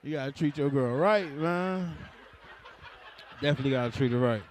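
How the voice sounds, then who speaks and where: A man's voice: fairly high pitch, normal speed, slight background noise. A young adult man doing a stand-up comedy set, laid-back, chuckling between jokes and drawing out his punchlines.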